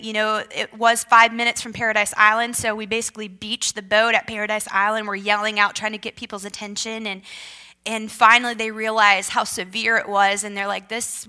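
A woman giving an earnest personal testimony, retelling events vividly and sometimes dropping to a hushed whisper. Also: medium pitch.

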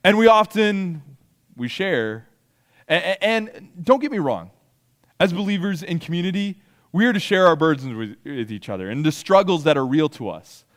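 A man with a fairly high voice that swings widely in pitch, preaching a sermon. He is animated, acting out the pleas and grumbles he quotes, and checks in with his listeners as he talks. Each point is pressed with restarts and emphasis. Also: normal speed, in a large hall. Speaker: pastor.

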